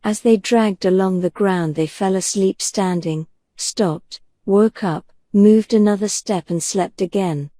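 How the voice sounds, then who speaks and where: A woman reads a classic tale aloud at a slow, unhurried pace. Her tone is mellow and gentle, with a dry, close sound. It feels like a bedtime audiobook. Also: mid-range voice, no room sound. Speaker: audiobook narrator. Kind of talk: slow, soft bedtime story reading.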